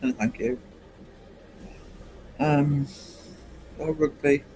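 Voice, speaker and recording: An English man in his fifties hosting a casual late-night livestream, rambling and hesitant with many pauses. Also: fairly high pitch, completely flat delivery, creaky, mellow, slight background noise, poor audio. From England. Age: 50s. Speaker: livestream host.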